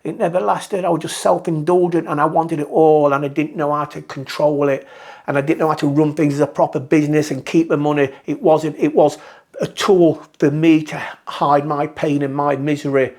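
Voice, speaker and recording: A middle-aged man with a British accent and a voice pitched a little high for a man. He tells his life story in a candid, reflective way. He often stops and restarts his sentences as he talks. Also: fairly even intonation, moderate pace, a little mellow. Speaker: guest telling his recovery story. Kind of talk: personal testimony.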